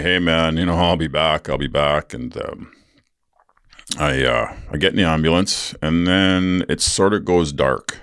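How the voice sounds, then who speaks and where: A podcast host with an extremely deep, low voice, fairly bright in tone, rambles through a profane, filler-heavy story in a casual way. The recording is dry and close, with no sense of room. When he acts out other people's lines, he jumps into raised voices.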